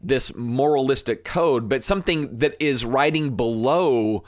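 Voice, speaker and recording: A man's voice: medium pitch, unhurried, dry recording. Earnest man, dry close sound. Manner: earnest, conversational, with frequent restarts and fillers; rising to animated emphasis when fired up. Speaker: podcast host. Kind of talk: impassioned podcast monologue.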